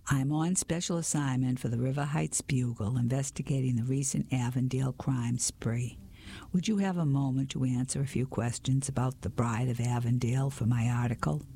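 A man's voice: mid-range voice, normal speed, gravelly, dark tone, husky. A man whispering a polite young woman sleuth, whispered role-play. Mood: inquisitive. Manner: polite, inquisitive.

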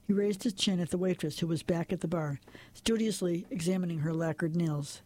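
A man reading a crime novel aloud in even, steady scripted narration. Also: sits high, a little fast, no echo. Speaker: audiobook narrator.

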